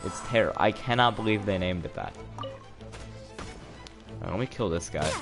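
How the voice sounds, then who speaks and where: A man live-streaming a video game, rambling sarcastically and bursting out excitedly during fights. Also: on the low side, normal speed. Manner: sarcastic, self-mocking rambling with excited outbursts. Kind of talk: live gameplay commentary. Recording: game music playing under voice. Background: game music.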